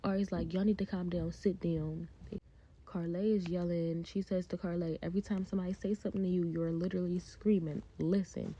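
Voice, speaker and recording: A woman's voice: on the low side, fairly even intonation, a little fast, dark tone, slightly rough. A woman casually recapping a reality show, chatty and blunt with her opinions. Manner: chatty, blunt opinions, acts out cast quotes. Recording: dull lo-fi sound.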